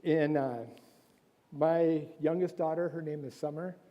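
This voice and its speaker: A missionary from California gives an informal Sunday school sermon in an unhurried, steady voice on the high side, telling stories earnestly and conversationally with frequent restarts. He's in a large, echoey church room, and the lo-fi recording has a long hall reverb.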